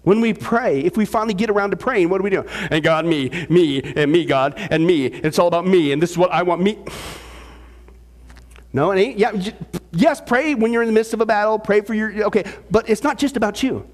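Brief: male pastor, very high voice, energetic sermon delivery with lots of rhetorical questions. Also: brisk.

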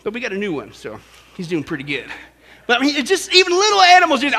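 A pastor preaching a sermon in a jokey, emphatic way, rising to loud exhortations. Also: male voice, very high-pitched, sing-song, fairly quick, pauses often.

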